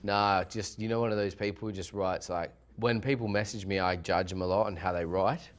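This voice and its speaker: A man's voice: low-pitched, fairly even intonation, a little fast. A young Australian man in casual after-show chat, laid-back, laughing often and swearing freely. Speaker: yacht crew member on a reality-show after show.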